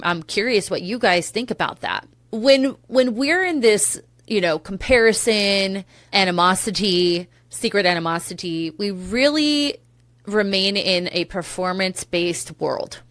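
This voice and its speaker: A woman's voice: medium pitch, a bit bright, no echo. A woman in her thirties hosting a solo podcast, talking candidly and emotionally, swearing casually and drifting into tangents. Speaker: podcast host.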